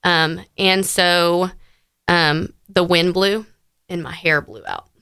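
A woman's voice: on the low side, steady tone, takes it slowly, sharp tone, smooth, no room sound, clean studio sound. A woman, an interview guest sharing a personal story in heartfelt detail, with frequent fillers.

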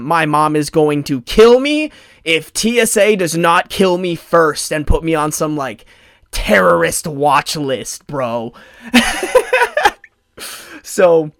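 A man's voice: fairly high pitch, no room sound, clean studio sound. A young man telling a story in a rambling, casual way, full of fillers and restarts. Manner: rambling, filler-heavy, animated.

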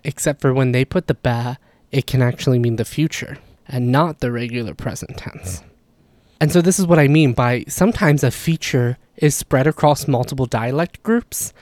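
A man who is not a native Arabic speaker explains grammar in a relaxed, chatty teaching style, full of asides. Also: medium pitch, dry recording. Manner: relaxed, chatty, frequent "like" and "you know" asides. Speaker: language teacher. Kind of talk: casual explanatory lesson.

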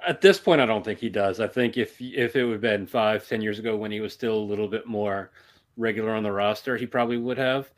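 A man appearing as a guest on a podcast, giving measured, analytical takes in a casual discussion. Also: lowish voice.

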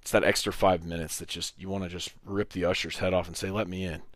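A man in his thirties hosting a podcast, telling a long personal story in a casual, animated way and acting out the other people's lines. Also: low voice, fast, dry recording, studio quality. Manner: animated storyteller who acts out quoted voices, swears freely. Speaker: podcast host.

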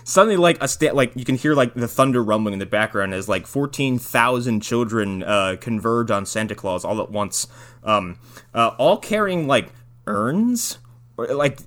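A man riffing sarcastically on a movie with his podcast co-hosts. His voice is bright and edgy, with pitch that jumps widely. He throws in loud jokes. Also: lively intonation, normal speed. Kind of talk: casual comedic movie commentary.

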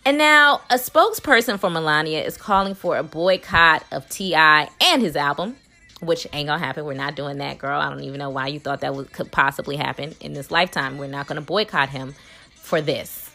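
A young woman hosts a commentary show with a blunt, sassy edge. She scolds and teases in a slightly low voice. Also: a little fast, bright, forceful tone. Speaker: host. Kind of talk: opinionated commentary.

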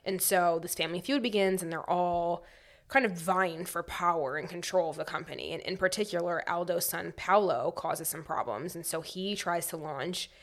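A woman with a somewhat low voice talks through a story in relaxed podcast chat, dropping in dry, wry asides as she goes. Her delivery is loose and conversational. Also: moderate pace. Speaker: podcast co-host.

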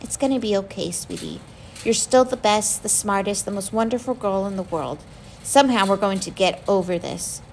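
A woman reading the lines of a loving mother in a story, speaking quietly and helplessly. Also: mid-range voice, normal speed, creaky, slight background noise, lightly acted, poor audio. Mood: tender.

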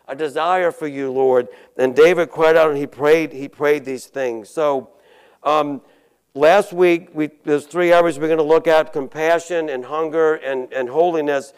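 Earnest pastor with a smooth voice. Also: male voice, on the high side. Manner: earnest, halting with frequent restarts. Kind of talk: sermon.

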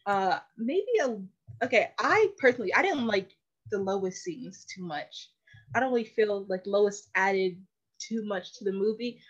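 A woman's voice: mid-range voice, expressive, a little slow, lo-fi sound. A woman co-hosting a casual podcast, thoughtful and hesitant, often restarting her sentences. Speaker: podcast co-host. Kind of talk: casual chat.

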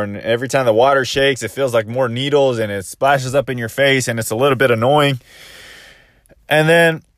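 A man's voice: medium pitch, fairly bright tone, dry recording, studio quality. A man casually telling a first-person story, rambling and restarting as he quotes his own thoughts.

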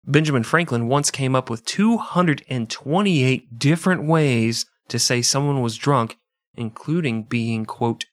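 Podcast co-host, man from the Midwest, deadpan storyteller with crude asides, dry close sound. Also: mid-range voice, measured pace, dry recording. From American Midwest. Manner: deadpan, crude absurd tangents. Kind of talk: casual comedic history podcast.

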